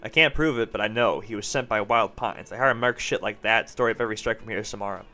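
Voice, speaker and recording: Man voicing an aggressive male labor tough: loud, snarling, forceful, fast. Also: on the low side, faint music behind. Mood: menacing. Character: hostile burly male union tough, menacing.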